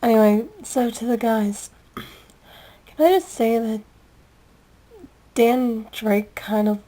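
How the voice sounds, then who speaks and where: Slow-talking, giggly young woman. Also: on the high side, fairly even intonation, warm tone, poor audio. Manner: giggly, rambling, gushing. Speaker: video reviewer. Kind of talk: casual chat.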